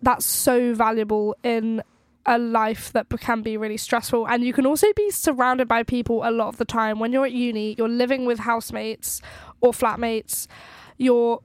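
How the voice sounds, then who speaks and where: A young woman co-hosting a podcast, talking in a relaxed, chatty way full of "like" fillers and quick laughs. Her voice sits fairly high and the sound is close and dry. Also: clean tone, no room sound. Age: young adult. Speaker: podcast co-host, student-athlete. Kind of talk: casual chat. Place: university.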